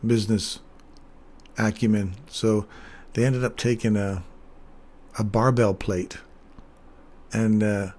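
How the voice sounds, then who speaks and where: A man's voice: on the low side, steady tone, slow pace, long pauses, darkish tone. A man hosting a livestream, casually telling rambling anecdotes with chuckles and plenty of fillers. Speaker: trading livestream host.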